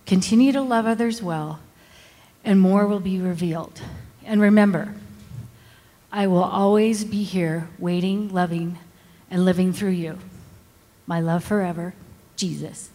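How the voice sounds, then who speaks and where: A woman's voice: lowish voice, measured pace, warm tone. A woman from the congregation reading a personal letter aloud, nervous and earnest. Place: large church hall. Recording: reverberant hall.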